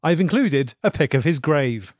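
A man co-hosting a casual podcast, reading listener emails aloud in a dry, measured way. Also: fairly high pitch, expressive, a little mellow, no room sound.

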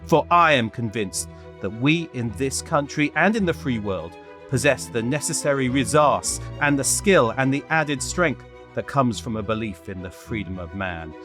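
A man putting on a Boston accent to play a middle-aged American president giving a rousing, measured speech. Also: mid-range voice, animated, fairly bright tone, faint music behind, lightly acted. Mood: resolute. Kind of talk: impression of a political speech.

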